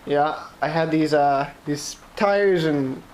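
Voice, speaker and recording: A man's voice: on the high side, slow, a little mellow, a little hiss or hum. Profane rambling guy with a Boston accent. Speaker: vlogger. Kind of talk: casual chat to camera. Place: his shop.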